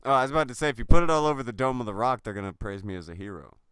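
A man hosts a loose online talk show in a blunt, sardonic way, swearing freely. His pitch swings around a lot, and his voice comes through smooth and resonant. The sound is dry and close. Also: animated, racing, a bit bright, dry recording. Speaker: podcast host. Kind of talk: casual profane group chat.

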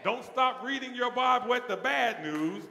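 A male pastor preaches with a high, bright, tense voice that carries a gravelly edge. He builds his points through repetition, rising in force as he goes. The sound is roomy, with the long reverb of a large sanctuary. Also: animated, moderate pace. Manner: preaching with rising call-and-response intensity. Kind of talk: sermon.

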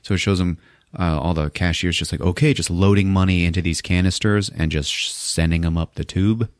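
Laughing, profane low-voiced man. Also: a little fast, no echo, studio quality. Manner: laughing, profane, animated retelling. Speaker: podcast host. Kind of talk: casual movie recap.

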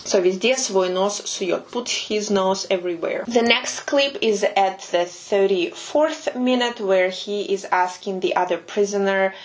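A woman teaching phrases to English-speaking learners, speaking natively. She breaks each word down patiently and repeats it slowly and precisely. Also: mid-range voice. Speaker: Russian language teacher. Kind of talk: language lesson commentary.

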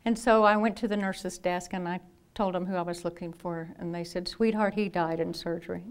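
A woman in her fifties, a nurse telling lively anecdotes in a talk and acting out the people she quotes. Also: lowish voice, a little fast, clear, resonant tone. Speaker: nurse and speaker. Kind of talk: storytelling talk.

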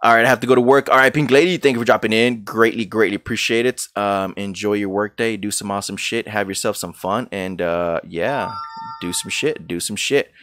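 A man's voice: on the low side, fairly even intonation, fairly quick, a bit bright, dry recording, studio quality. A man streaming a game, chatting loosely and profanely and greeting viewers by name from a room at home. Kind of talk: casual chat while gaming.

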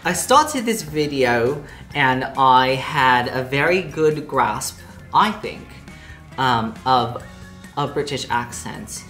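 Drag host, campy, playful, a lively, leisurely read with faint music under it. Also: male voice, medium pitch, takes it slowly. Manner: campy, playful, self-mocking. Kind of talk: comedic makeup tutorial.

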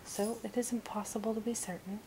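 A woman's voice: mid-range voice, steady tone, brisk, background noise, pitched above the performer's own voice, close to an everyday voice. A woman whispering as a sleepy wry young woman. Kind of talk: whispered role-play.

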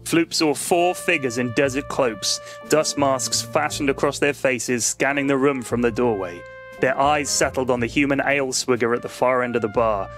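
A man on a podcast reading a comedic sci-fi story aloud to co-hosts, in a mostly deadpan delivery. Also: medium pitch, moderate pace, faint music behind.

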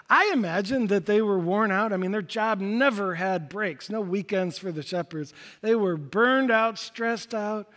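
High-voiced pastor preaching in a reverberant church. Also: male voice. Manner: dynamic, swinging from loud to hushed. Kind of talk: sermon.

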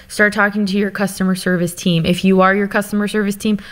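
A woman speaking as a guest founder, telling candid business stories in an animated, open way. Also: mid-range voice. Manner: animated, open, quick to laugh. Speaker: guest, company founder and author. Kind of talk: candid conversational storytelling.

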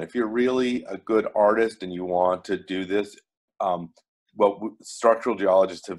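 A man presenting in an online workshop over a video call, giving a brisk explanatory overview with frequent fillers. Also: low-pitched.

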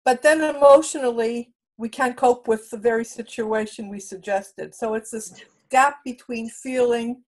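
A woman taking part in a study discussion, speaking in a reflective, measured way. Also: fairly high pitch, fairly even intonation. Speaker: session participant. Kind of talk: thoughtful discussion.

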